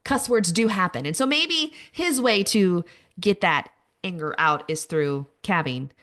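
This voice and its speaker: Her voice sits lowish, fairly bright and animated, yet she doesn't rush. In her thirties, she hosts a podcast where she tells personal stories openly, dropping self-mocking remarks along the way.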